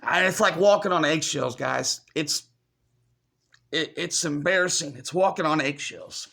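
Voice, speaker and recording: A man giving a confessional vlog update to his viewers, choked up and fighting back tears, halting and apologetic as he repeats himself. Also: a little high, gravelly, sharp tone. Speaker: vlogger.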